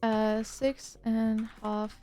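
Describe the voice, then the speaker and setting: A woman's voice: on the high side, fairly even intonation, slow, mellow, faint music behind. A woman livestreamer chatting casually, telling a rambling story with lots of fillers and restarts.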